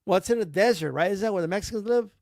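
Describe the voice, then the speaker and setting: High-voiced man in a sarcastic rant. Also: very fast, a little mellow, no room sound. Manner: sarcastic, profane, repetitive rhetorical questions. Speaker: boxing streamer. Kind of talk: heated rant.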